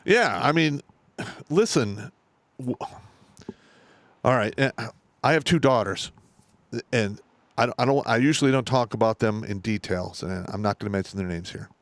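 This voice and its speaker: A man's voice: fairly low pitch, moderate pace, long pauses. A middle-aged man tells profane stories on a casual podcast. His voice rises and falls widely as he gets worked up. The sound is dry and close, with no room echo. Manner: profane, animated storytelling. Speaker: co-host.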